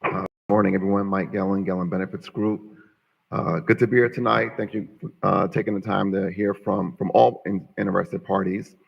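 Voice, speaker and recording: A man who owns a business, speaking during public comment at a council meeting, measured and hesitant with many fillers. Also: low-pitched, fairly even intonation, vocal fry, slightly rough. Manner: measured, with frequent ums and uhs. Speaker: business owner addressing council. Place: city council chamber. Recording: dull lo-fi council audio.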